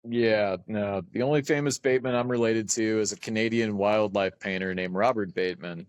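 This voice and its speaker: A man's voice: lowish voice, steady tone, brisk. A man talking as a guest on a podcast in a loose, rambling, easygoing way. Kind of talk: casual interview chat.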